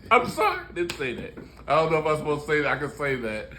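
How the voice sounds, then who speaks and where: A man in his sixties from Baltimore talks in casual chat. He tells his stories candidly and jokes and laughs often. His voice is bright and forward, with a faint hiss of noise behind it. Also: on the high side, wildly swooping pitch, fast talker. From Baltimore, USA. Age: 60s. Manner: laughing, storytelling, candid and joking. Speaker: musician and show host.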